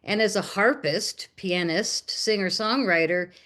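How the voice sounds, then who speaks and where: This American documentary filmmaker, a guest on an interview, talks a little slowly in a medium-pitched voice. Her personal story comes out casually and animatedly as she acts out what the people in it said.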